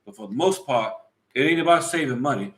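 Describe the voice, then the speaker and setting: A man's voice: mid-range voice, animated, fairly bright tone. A middle-aged man from the United States talking emphatically and a little preachily in a casual live chat. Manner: emphatic, preachy, rapid talk. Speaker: vlog co-host. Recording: echoey room.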